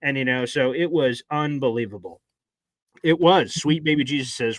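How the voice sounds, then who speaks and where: A man co-hosting a casual sports talk show, telling a story in a lively way and acting out his own reactions. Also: mid-range voice, moderate pace, dry recording. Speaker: podcast co-host. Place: radio station studio.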